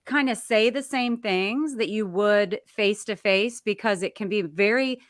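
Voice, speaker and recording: A woman's voice: mid-range voice, a little slow, no room sound, studio quality. A woman hosting an online interview, asking questions in a chatty, restarting way. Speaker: host. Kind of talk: interview host chat.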